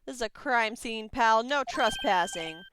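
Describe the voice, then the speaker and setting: A woman's voice: on the high side, unhurried, slight background noise, voice pushed up. Woman doing a blustering Southern detective. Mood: gruff. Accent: put-on Southern US. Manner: loud, calls everyone pal. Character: gruff male police detective, blustering. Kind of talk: reading game dialogue aloud. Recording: game music playing behind. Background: game music.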